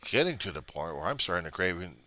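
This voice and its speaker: A man's voice: low-pitched, big pitch swings, fast talker, sharp tone, no room sound. A man in a rambling, profane and sarcastic rant, recorded on a webcam at home.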